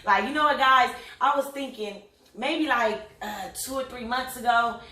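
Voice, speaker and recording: A middle-aged woman hosting a casual talk, telling a family story in an animated, chatty way with lots of fillers. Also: fairly high pitch, normal speed, distant mic. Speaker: host. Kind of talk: casual chat. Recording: echoey room, voice a bit off-mic.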